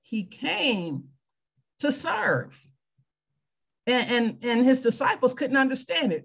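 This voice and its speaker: Her voice is high-pitched and gravelly, swinging widely in pitch, slow and broken by frequent pauses. She is a veteran and clinic worker in her fifties who reads scripture over a video call before speaking earnestly, from experience, about faith and service.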